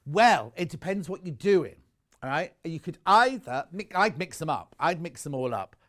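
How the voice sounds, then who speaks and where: High-voiced chatty male presenter. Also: expressive, normal speed, a bit bright. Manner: chatty, enthusiastic, rambling asides. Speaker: shopping channel presenter. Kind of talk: live TV sales presentation.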